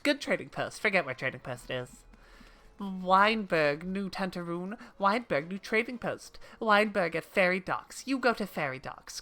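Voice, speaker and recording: A woman's voice: mid-range voice, pushed and bright, pitched above the performer's own voice. A woman voicing a small, greedy non-human trader who speaks in clipped, broken sentences. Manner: clipped broken grammar, childlike.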